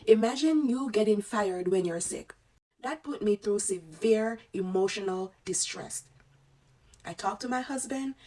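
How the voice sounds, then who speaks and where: A woman recounts a personal ordeal in a vlog, speaking with the fervent conviction of someone testifying in church. Her voice sits at an ordinary middle pitch and sounds slightly distant from the microphone. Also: a little mellow. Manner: fervent, testifying, faith-filled storytelling. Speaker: respiratory therapist sharing a story.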